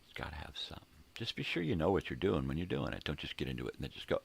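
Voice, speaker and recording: A man's voice: a bass voice, big pitch swings, very fast, creaky, husky. An older man hosting a rambling, laid-back morning monologue, talking in a casual, profane way from a home room crammed with tapes and records. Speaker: host.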